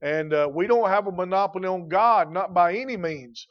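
A man's voice: high-pitched, moderate pace, dull audio. A man preaching a sermon as pastor, emphatic and repeating key phrases for weight.

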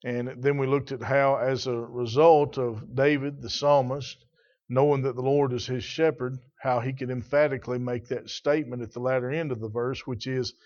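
A man preaching a sermon in a church, reading scripture and teaching in a measured way, repeating key phrases. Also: mid-range voice, fairly even intonation, darkish tone, muffled recording.

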